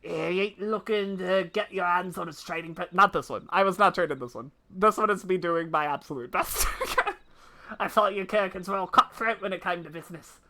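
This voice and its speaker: A woman voicing a gruff middle-aged male ex-pirate turned debt collector, swaggering and full of seafaring slang. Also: fairly low pitch, moderate pace, bright, forceful tone. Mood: wry.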